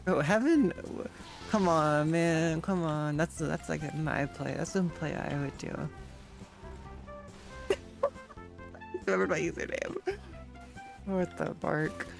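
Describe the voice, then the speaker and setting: A laid-back gaming streamer talks with his viewers as he plays, his middling voice carrying a constant gravelly fry. He's sarcastic and quick to get exasperated, chatting at a measured pace over background music while reacting to the game and the chat.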